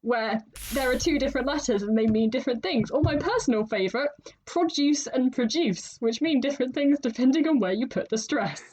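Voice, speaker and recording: A woman's voice: high voice, quick pace, few pauses, slight background noise. A woman co-hosting a writing podcast in casual chat, laughing often. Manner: laughs often, chatty and animated. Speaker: podcast co-host.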